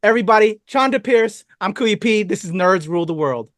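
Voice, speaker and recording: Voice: medium pitch, lively intonation, a little fast, a bit bright, no room sound. An interview host who talks in an enthusiastic, gushing way. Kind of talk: casual interview chat.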